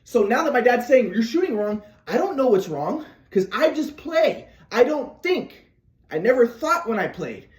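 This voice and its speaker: A man with a notably high voice tells his own story in a loose, earnest monologue. He stumbles and restarts often, and acts out movements and other people's lines as he goes. The sound is roomy and echoey. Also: big pitch swings, moderate pace. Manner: demonstrates footwork while talking, acts out his father's lines. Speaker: former basketball player telling his story.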